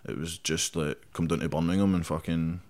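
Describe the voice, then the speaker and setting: A man's voice: sits low, steady tone, brisk, darkish tone. A young Scottish man, a rapper guest in a casual interview, talking bluntly and defiantly with heavy swearing and constant "mate". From Scotland.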